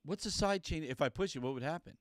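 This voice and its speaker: A man's voice: fairly high pitch, expressive, fast, no room sound, studio quality. A man hosting a podcast in casual chat, bewildered and stammering as he tries out buttons. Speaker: podcast host.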